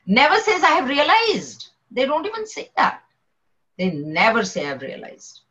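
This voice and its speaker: A woman leads a philosophy class in a bright, tense voice that swings widely in pitch. She talks animated and questioning and keeps repeating phrases to press her point. The sound is dull and lo-fi. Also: normal speed. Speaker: spiritual teacher. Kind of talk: teaching philosophy in a group class.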